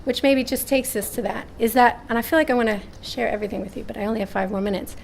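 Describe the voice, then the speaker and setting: A woman with fairly high pitch and vocal fry talks at a quick pace, sharing parenting anecdotes live in a seminar room before an audience. Animated, she acts out voices and checks in often with "right?" Slight background noise can be heard.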